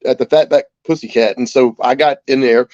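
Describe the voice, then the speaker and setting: A man in his forties, a talk show guest, telling stories in a casual, lively way and acting out the voices of the people in them. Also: mid-range voice, brisk, no room sound, highs cut off. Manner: animated anecdote teller, acts out quoted voices. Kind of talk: casual storytelling.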